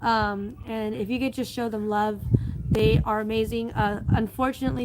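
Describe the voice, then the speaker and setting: A woman's voice: on the high side, fairly even intonation, normal speed, very noisy. A woman chatting casually on a live stream, reading viewer comments aloud and rambling with many fillers and restarts.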